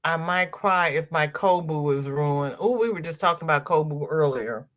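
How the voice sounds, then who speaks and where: A woman's voice: low-pitched, moderate pace, fairly bright tone. A woman hosting a crochet livestream, chatting casually as she reads viewer comments aloud and answers them.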